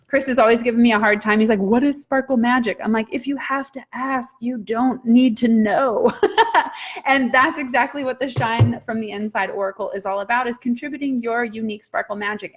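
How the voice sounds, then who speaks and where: A woman's voice: on the high side, a bit bright. A woman hosting a live stream, reading oracle cards and viewer comments in an upbeat, chatty way, swearing casually now and then. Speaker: oracle card reader, live stream host.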